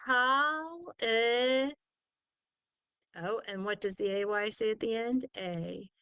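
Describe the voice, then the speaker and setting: A woman's voice: medium pitch, fairly even intonation, moderate pace, gravelly, smooth, dry recording, highs cut off. A woman tutoring a student in spelling, patiently sounding out words syllable by syllable and praising answers. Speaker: spelling teacher. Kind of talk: slow, patient tutoring lesson.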